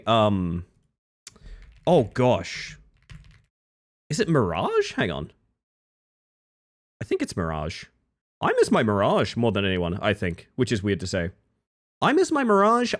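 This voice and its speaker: A man live-streaming, chatting casually with viewers, reading their messages and answering them by name, jumping from excited high yelps to low mutters. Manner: reads chat aloud and answers viewers by name.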